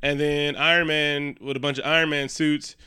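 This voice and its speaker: A man in casual podcast chat, retelling a movie in a lively, profane way and acting out characters' lines. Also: a little high, normal speed, clean tone. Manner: animated, profane retelling with quoted character lines and frequent laughs. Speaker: podcast co-host.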